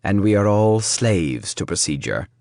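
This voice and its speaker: A man voicing a sly, genteel male merchant who speaks gently with mild mockery. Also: on the low side, sing-song, measured pace, no echo, clean studio sound. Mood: wry. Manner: gentle, mildly mocking.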